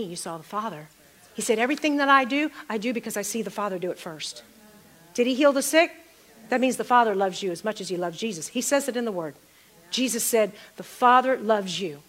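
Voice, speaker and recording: A middle-aged woman preaching a sermon, calling out to the congregation and repeating phrases for emphasis. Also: fairly high pitch.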